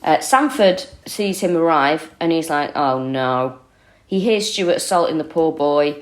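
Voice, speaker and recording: Expressive woman retelling a crime story. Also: low-pitched, normal speed. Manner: expressive, exclaiming, animated retelling. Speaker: comedian podcast co-host. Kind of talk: casual true-crime storytelling.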